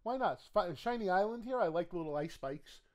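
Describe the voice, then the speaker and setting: Give it a rambling man opening card packs, bursting into loud cheers. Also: high-pitched, expressive, brisk. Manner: lots of fillers and restarts, laughs often. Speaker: card game collector opening booster packs. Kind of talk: casual pack-opening commentary.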